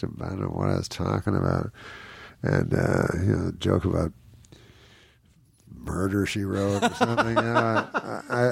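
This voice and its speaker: A man's voice: on the low side, gravelly, darkish tone, husky, dry recording. A man, a comedian, telling rambling anecdotes, chuckling often and acting out the people he quotes. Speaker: comedian guest. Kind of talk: anecdotal storytelling.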